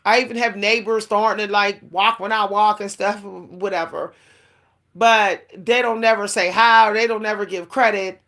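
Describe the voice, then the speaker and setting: A woman's voice: mid-range voice, a bit bright. A woman vlogger giving a casual spiritual monologue, rambling with many fillers and restarts, laughing now and then and speaking straight to her listeners. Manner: confiding, addresses listeners directly.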